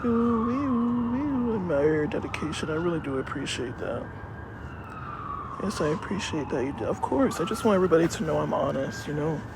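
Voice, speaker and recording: A woman with a deep, brisk voice, lively intonation and vocal fry livestreams from a city street, chatting casually and rambling with her viewers. She swears freely and complains she's cold, with street noise and echo around her.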